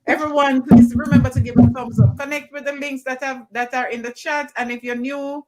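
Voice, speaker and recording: A woman hosts a livestream and walks her viewers through what to do with brisk, chatty instructions. Her voice is fairly high. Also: flat delivery, a little mellow, faint music behind, low-quality recording. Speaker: livestream host.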